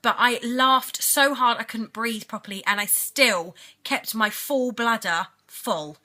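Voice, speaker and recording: A woman's voice: a little high, measured pace, sharp tone. A young British woman chatting in a giggly, rambling video diary. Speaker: vlogger.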